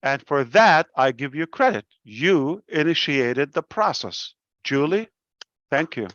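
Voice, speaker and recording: A man with a delivery speaks slowly and earnestly on a live stream. His words come measured and deliberate, like a founder addressing his members. The audio is dry and dull, as from a close but muffled mic. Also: a little high, animated, a bit bright, no room sound. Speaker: company founder presenting to members.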